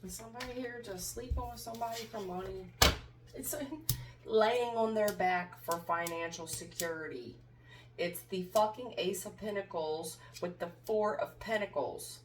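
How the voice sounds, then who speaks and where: A woman's voice: medium pitch, normal speed, far from the mic. A woman tarot reader talks in a blunt, preachy way, scolding her listeners and swearing freely. Her voice comes from a little away from the mic, with faint noise behind it. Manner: angry, confrontational, preachy, swearing. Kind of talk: tarot reading vlog.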